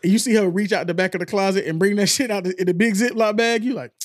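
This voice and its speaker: A man's voice: high-pitched, steady tone, fast talker, no room sound, studio quality. A man co-hosting a podcast, chatting casually and joking with loose, profane banter. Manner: joking, loose, swears freely. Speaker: podcast co-host. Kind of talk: casual chat.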